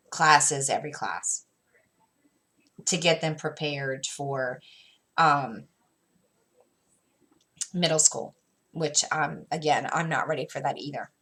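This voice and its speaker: Slow, low-voiced mother telling a story. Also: fairly bright tone. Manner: rambling, many fillers and restarts, quotes herself and her son. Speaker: crafting vlogger. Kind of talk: casual storytelling chat.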